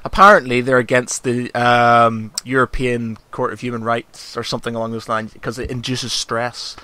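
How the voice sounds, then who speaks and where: A man interviewing in casual chat, jokey, now and then jumping into squeaky high voices to act out scenes. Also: flat delivery, moderate pace, sharp tone.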